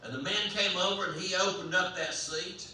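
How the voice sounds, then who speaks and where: Animated storyteller man in an echoey hall. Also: high-pitched, moderate pace. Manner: animated, comic, folksy delivery. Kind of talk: live storytelling performance. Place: large hall at a residential campus. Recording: echoey hall, voice from far off, faint hum.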